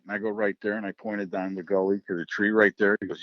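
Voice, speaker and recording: A middle-aged man from Wisconsin spins a wild tale in loose, animated chat, swearing freely and acting out every line of dialogue. His voice sits a little low, and the dry recording sounds slightly muffled. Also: fast talker, few pauses, no room sound. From Wisconsin, United States. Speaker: podcast host. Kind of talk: casual storytelling.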